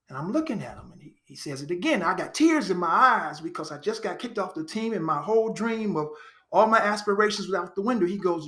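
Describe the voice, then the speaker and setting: High-voiced man telling his story. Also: a little fast. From Chicago, United States. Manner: earnest, animated storyteller who repeats phrases for emphasis. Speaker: podcast guest, actor and writer. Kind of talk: reflective personal storytelling.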